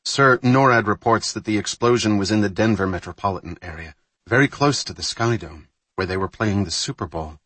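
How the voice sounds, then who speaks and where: A man's voice: on the low side, a little fast, fairly bright tone, breathy edge, no room sound, distant mic. A man voicing a male military duty officer formally reporting news in an audiobook reading. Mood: grave.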